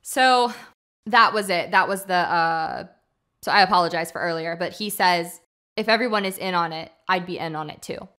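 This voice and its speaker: Speaking at a moderate pace in a lowish voice, a woman co-hosting a podcast recounts a film scene by scene. Her casual, animated retelling is full of acted-out dialogue and frequent filler words.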